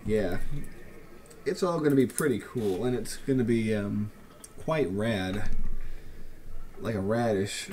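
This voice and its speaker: A man's voice: fairly low pitch, takes it slowly, long pauses, a little mellow, a little hiss or hum. A young man giving casual, joking commentary over a city-building game, full of playful, mock-grand asides to the viewers. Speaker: let's play commentator.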